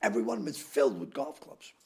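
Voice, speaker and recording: A man, a podcast guest telling comic stories in an animated way, swearing freely and breaking into loud laughs. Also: medium pitch, racing, slightly rough. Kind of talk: comedic storytelling.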